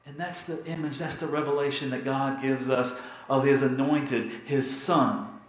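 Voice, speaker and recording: A man pastor telling a story in a sermon, dramatic and repetitive, with emphatic pauses. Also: mid-range voice, steady tone, roomy sound, poor audio.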